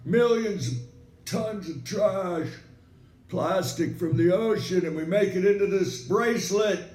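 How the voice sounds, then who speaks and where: A man's voice: high-pitched, unhurried, darkish tone. A man hosting a rambling comic monologue as a weatherman, full of sarcastic, digressive rants. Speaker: comedic weatherman host. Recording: echoey room.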